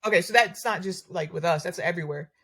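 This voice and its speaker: A woman's voice: on the low side, fast, fairly bright tone, breathy edge. A woman, a battalion chief guest on a podcast, chatting casually with lots of "like" fillers. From North Carolina. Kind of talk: casual conversation.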